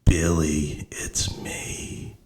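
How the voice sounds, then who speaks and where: A man voicing a mocking ghostly woman on a phone line, with a low, gravelly, sing-song voice. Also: animated, slow pace, darkish tone, roomy sound. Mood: whispering.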